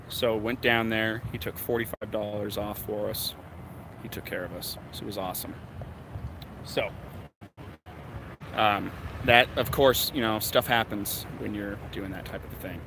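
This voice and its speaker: A man's voice: on the low side, steady tone, a little slow. A man chatting casually on a live stream from outdoors, telling rambling stories as a vlogger and basketball referee. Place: outdoors, windy. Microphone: phone on a mobile connection. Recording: choppy phone stream with loud wind and traffic. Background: wind and passing traffic.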